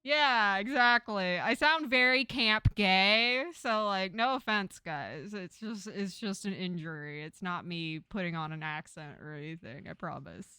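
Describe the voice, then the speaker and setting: Bright-voiced woman streamer with a lisp. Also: fairly low pitch, measured pace, hardly any pauses, clean tone, dry recording. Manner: chatty, teasing, swears casually. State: sore tongue, lisping. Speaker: game streamer. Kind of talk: casual gaming chat and reading game text aloud.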